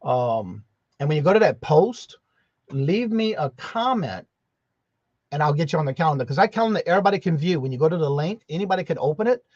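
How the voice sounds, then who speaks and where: Guy on a morning livestream, slightly high voice, dry close mic, bit lo-fi, chatty drawl. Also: sing-song, brisk, darkish tone, dry recording. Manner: greets viewers by name, chatty and drawling. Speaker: livestream host. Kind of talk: casual morning livestream chat. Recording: slightly dull, lo-fi sound.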